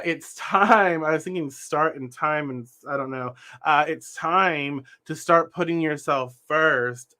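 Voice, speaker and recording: A young man reads tarot cards in a bright, somewhat raised voice. He talks earnestly, circling back and restarting his thoughts as he gestures with his hands. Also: a little high. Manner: earnest, meandering, self-correcting. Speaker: tarot reader. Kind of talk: spiritual tarot reading.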